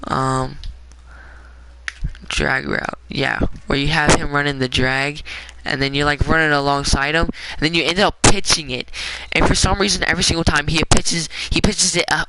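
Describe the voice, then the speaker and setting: A young man with a raspy, smoker-like voice, giving rambling, offhand commentary while streaming a game. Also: a little high, bright, forceful tone, slight background noise, low-quality recording. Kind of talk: casual gameplay commentary.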